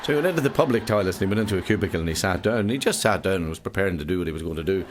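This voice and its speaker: Fast-talking Irish stand-up comedian. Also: male voice, deep voice, expressive, background noise. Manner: quick, rambling storyteller with restarts. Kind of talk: stand-up joke telling.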